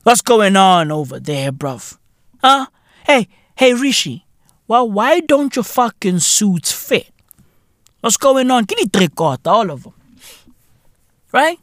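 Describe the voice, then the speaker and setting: High, animated South African comic host. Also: male voice, takes it slowly, pauses often, no room sound, clean studio sound. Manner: profane, animated ranting with slang. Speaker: podcast host. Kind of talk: comic monologue.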